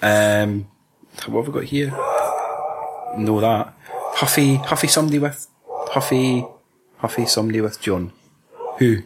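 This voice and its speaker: A man's voice: mid-range voice, a little slow, pauses often, background noise. A Scottish man chatting casually about a film, swearing freely and acting out scenes. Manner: swearing, laughing, acting out lines.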